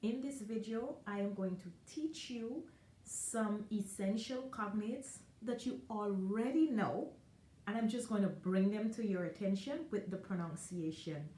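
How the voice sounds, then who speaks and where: A woman who teaches Spanish, giving a careful online lesson and repeating each word slowly for the learner. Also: medium pitch, dark tone, reverberant. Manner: slow, careful, encouraging, repeats words.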